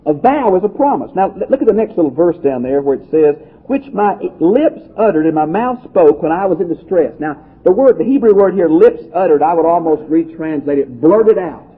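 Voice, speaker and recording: A man's voice: on the high side, lively intonation, normal speed, hardly any pauses, husky. Folksy male preacher on a tinny line. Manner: homespun, conversational, reads verses aloud then explains. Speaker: pastor and Bible teacher. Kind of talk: folksy Bible study lecture. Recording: tinny phone-like audio.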